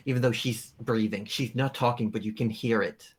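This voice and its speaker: Australian game master narrating. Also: male voice, lowish voice, fairly even intonation, normal speed, breathy edge. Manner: descriptive, filler-heavy storytelling.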